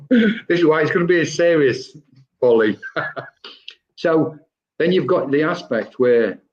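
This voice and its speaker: A man's voice: on the low side, highs cut off. A man co-hosting a live online spiritual discussion over a video call, talking in a rambling, reflective way with frequent restarts. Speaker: co-host of a spiritual talk.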